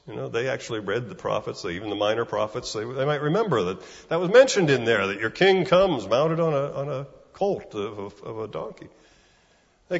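A man's voice: fairly high pitch, muffled recording. Man preaching in a reverberant hall. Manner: conversational, repeats words, asks "right?". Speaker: pastor. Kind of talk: sermon.

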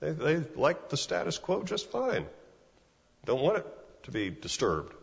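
A man's voice: on the high side, wildly swooping pitch, a little slow, vocal fry, lo-fi sound. Man preaching in a reverberant hall. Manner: conversational, repeats words, asks "right?". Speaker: pastor. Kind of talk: sermon.

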